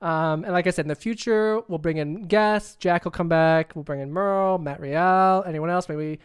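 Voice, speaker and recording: A man's voice: sits high, moderate pace, smooth. A man hosting a casual livestream, rambling and repeating himself as he cues up clips. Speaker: livestream host.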